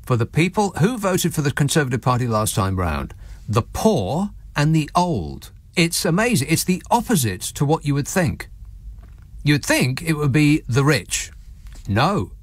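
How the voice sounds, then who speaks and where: Sardonic radio host, dry studio sound. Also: male voice, fairly high pitch, moderate pace, dry recording. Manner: sarcastic, mocking, lively asides. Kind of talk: sardonic talk radio monologue.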